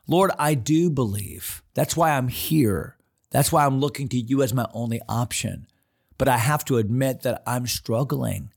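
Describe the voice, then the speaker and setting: A man pastor giving an earnest devotional sermon, slowing down to stress the scripture he quotes. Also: mid-range voice, vocal fry, darkish tone, breathy edge.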